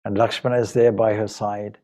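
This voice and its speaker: A man's voice: on the low side, flat delivery, brisk, a little mellow, lightly acted. A man voicing a noble prince from an epic, thinking anxiously aloud to himself. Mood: worried. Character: noble prince Rama, worried and thoughtful.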